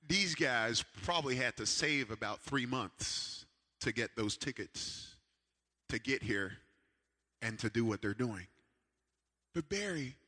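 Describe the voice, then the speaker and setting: A man preaching a sermon with a personal story, animated, swinging from loud calls to hushed asides. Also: mid-range voice, in a large hall. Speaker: pastor.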